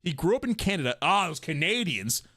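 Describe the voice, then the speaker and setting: A young man chatting on a live stream, joking at his own expense and laughing often. His voice sits a bit high and bounces all over the place. The tone is bright and forceful. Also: fairly quick. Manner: animated, jokey and self-mocking, laughs often. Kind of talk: casual live-stream chat while reading voice scripts.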